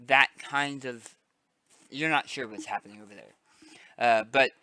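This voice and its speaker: A man narrating a tabletop game as game master, halting with many fillers. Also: mid-range voice, sharp tone, clean tone, no echo.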